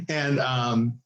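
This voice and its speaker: A man co-hosting a podcast, telling a story in casual chat and acting out the people in it with big swings in his voice. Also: highs cut off. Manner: animated, acts out quoted people with big pitch jumps. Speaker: podcast co-host. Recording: echoey room.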